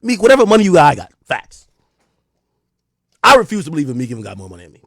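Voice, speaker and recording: A man with a New Jersey accent hosting a livestream, delivering a heated, taunting rant that swings between loud jabs and low mutters. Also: huge pitch swings, fast, creaky, husky, dry recording, studio quality. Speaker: livestream host. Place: home streaming room.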